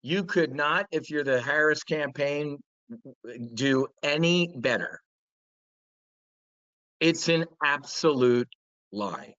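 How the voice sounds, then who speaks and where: A man's voice: fairly high pitch, expressive, takes it slowly, pauses often, fairly bright tone, dry recording, muffled recording. A man hosting a trading show, delivering blunt, profane market commentary with mocking impressions.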